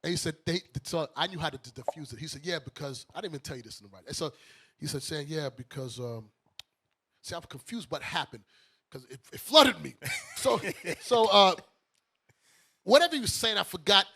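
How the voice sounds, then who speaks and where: A middle-aged man from Brooklyn, a bishop hosting a talk radio show, telling jokey stories in a casual, animated way and laughing at his own punchlines. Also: on the high side, a little fast, breathy edge. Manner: animated, joking storyteller who laughs through his punchlines.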